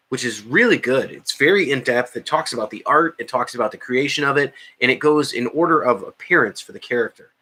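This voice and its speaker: A man's voice: medium pitch, sharp tone. A man co-hosting a podcast, chatting casually about movies with lots of fillers and restarts. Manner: rambling, many fillers and restarts. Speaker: podcast co-host.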